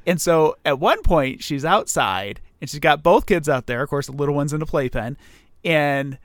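A man's voice: fairly high pitch, animated, normal speed, fairly bright tone, no room sound. A man co-hosting a film podcast, casually recapping the plot with dry sarcasm and frequent laughs. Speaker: podcast co-host. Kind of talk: casual movie review chat.

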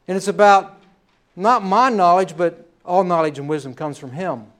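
A man's voice: high-pitched, normal speed, fairly bright tone. A middle-aged man from the United States preaching a sermon in a folksy, conversational storytelling manner. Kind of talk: sermon with a told joke.

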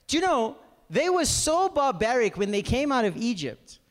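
A man's voice: extremely high pitch, very animated, moderate pace. A man preaching a sermon, acting out scripture characters and asking the audience to follow. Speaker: pastor. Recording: reverberant hall.

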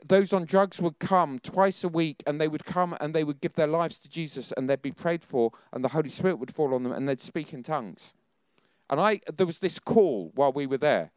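A man's voice: fairly high pitch, darkish tone, clear, resonant tone, no echo, studio quality. A man in his fifties preaching a sermon, telling personal stories in a chatty, self-deprecating way with nervous laughs.

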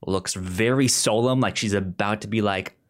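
A man co-hosting a podcast, chatting casually about a drama and stammering on word starts when he gets excited. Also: lowish voice, moderate pace. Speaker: podcast co-host. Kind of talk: casual chat recapping a TV show.

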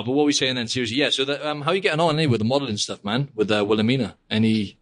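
A man hosting a podcast in casual chat over a video call. He talks in halting, rambling bursts and laughs often. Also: mid-range voice, a bit bright. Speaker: podcast host.

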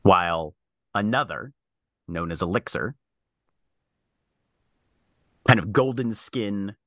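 A man narrating a tabletop role-playing game as game master, describing scenes in a halting way with frequent fillers. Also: on the low side, fairly bright tone, no room sound.

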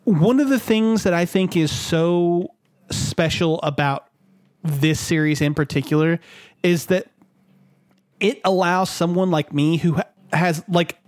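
A man's voice: high voice, measured pace, darkish tone, no echo, clean studio sound. A young man in casual gaming talk, rambling with lots of "like" and swearing. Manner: rambling, full of fillers and swearing. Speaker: podcast co-host.

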